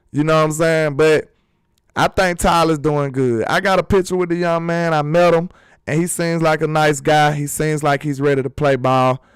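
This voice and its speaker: A man's voice: on the high side, smooth, no echo, clean studio sound. A man hosting a sports channel in a casual live-stream chat, talking loosely and reading viewers' comments aloud.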